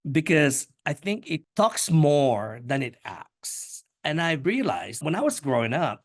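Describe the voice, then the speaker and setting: An older man from the Philippines, an artist talking candidly in an interview, frank and opinionated, with a pace that speeds up and slows down. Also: medium pitch. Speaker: artist, podcast guest.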